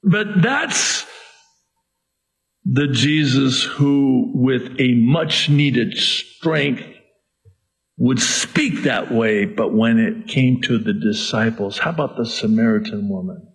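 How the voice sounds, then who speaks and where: A man preaching a sermon as pastor, breaking into shouts and then slowing for emphasis. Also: mid-range voice. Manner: preaching with sudden shouts and slow drawn-out emphasis.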